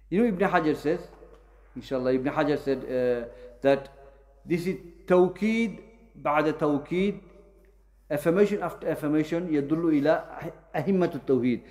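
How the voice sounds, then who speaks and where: A man's voice: on the high side, darkish tone. A man teaching a lesson, explaining points with many fillers and self-corrections and mixing Arabic terms into English. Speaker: Islamic studies teacher. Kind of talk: classroom lecture.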